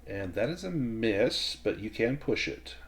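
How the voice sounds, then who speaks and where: A man as game master of a tabletop western game, calmly explaining the rules step by step. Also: on the low side, measured pace, slight background noise.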